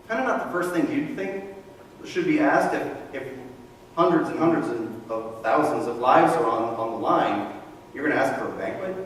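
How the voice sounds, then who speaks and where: A male pastor preaching a sermon, telling the story in a conversational, animated way with casual asides. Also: medium pitch. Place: church sanctuary. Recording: echoey hall, mic far from speaker, faint room noise.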